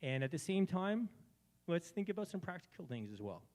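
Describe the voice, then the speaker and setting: A man hosting a live gathering, giving a preachy spiritual talk that swings between hushed and emphatic. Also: on the high side, sing-song, a little fast. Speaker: event host.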